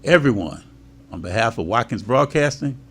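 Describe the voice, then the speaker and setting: A man's voice: mid-range voice, lively intonation, a bit bright, breathy edge. A man hosting a political talk show, moderating guests and closing the program. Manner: measured, thanking guests and urging listeners. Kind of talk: panel discussion moderating.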